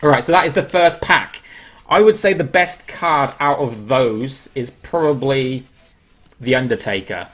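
An Englishman hosting a live stream, talking in a loose, chatty way at an ordinary middle pitch. He answers viewers' questions aloud as he goes and laughs easily at himself. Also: a little slow, a bit bright. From England. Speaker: livestream host. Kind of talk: casual live-stream chat.

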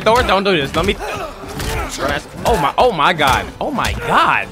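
A male streamer gives excitable gaming commentary, full of exclamations and curses. His voice is high and very animated in pitch. Game music plays clearly behind him. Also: measured pace. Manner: loud, reactive, cursing, exclaiming.

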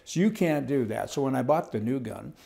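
A Canadian political commentator delivers a blunt, rambling, opinionated monologue, chuckling at his own points. His mid-range voice is expressive, gravelly, and dark, and he speaks a little fast.

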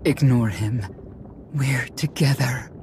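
A woman's voice: extremely low pitch, slow, noisy background, full character voice. An actress playing a remorseful warrior mother in a video game, earnest and pleading.

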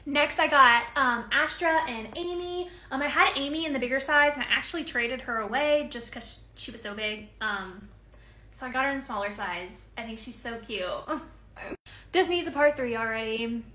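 A woman chatting casually about her haul, pausing often with ums. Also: high voice, pushed and bright, roomy sound. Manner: hesitant, many ums. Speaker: unboxing video creator.

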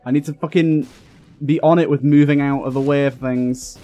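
Excitable man playing a game. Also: fairly high pitch, normal speed, faint music behind. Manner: excitable, frustrated outbursts and swearing. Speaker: gaming YouTuber. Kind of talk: let's play commentary.

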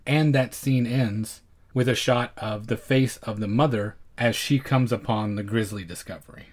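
A man's voice: medium pitch, steady tone, moderate pace. A man co-hosting a film podcast, chatting casually with wry, dry jokes. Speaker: podcast co-host.

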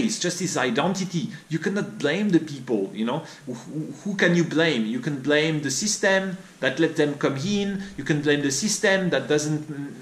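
French-accented man, fairly high voice, rhetorical vlog rant, reverberant room. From France. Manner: repetitive, rhetorical questions, mimics others in high voice. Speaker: vlogger. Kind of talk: opinion monologue. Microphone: studio mic on boom arm.

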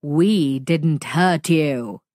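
Woman voicing a deep booming alien monster. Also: very slow, darkish tone, no room sound, studio quality. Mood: stern. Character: big kind alien monster, male, booming.

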